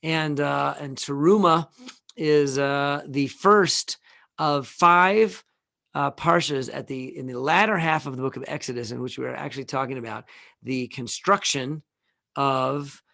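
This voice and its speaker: A man hosting a live online show, teaching in a casual, animated way with many restarts and fillers, over a video call. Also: mid-range voice, unhurried, creaky, dry recording, studio quality. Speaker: host.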